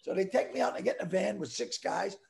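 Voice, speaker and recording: A middle-aged man from the Boston area telling a rambling story with stammering restarts and animated voices. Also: sits high, quick pace, vocal fry. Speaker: comedian guest telling a story. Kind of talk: casual storytelling.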